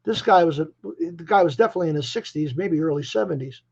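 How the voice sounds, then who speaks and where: A man's voice: fairly high pitch, quick pace, vocal fry, husky. Older man telling stories, lo-fi audio. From Chicago, USA. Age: 70s. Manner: rambling, animated storyteller who restarts phrases often. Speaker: guest musician. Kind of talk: casual interview storytelling. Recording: dull lo-fi audio.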